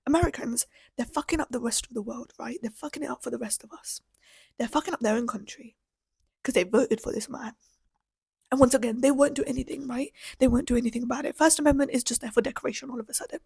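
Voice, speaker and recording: A high-voiced woman with a husky, breathy tone rants in heated, profane, repetitive bursts. Her voice is starting to go hoarse, and the sound is mellow rather than bright. It is recorded close and dry, with no room echo. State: losing her voice. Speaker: podcast host. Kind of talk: solo ranting commentary.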